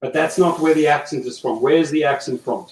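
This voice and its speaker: A man's voice: fairly high pitch, brisk. Emphatic South African man, echoey room. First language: German. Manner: coaching, emphatic, repeats himself. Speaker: livestream host. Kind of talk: casual livestream chat. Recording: echoey room, far from mic, faint noise.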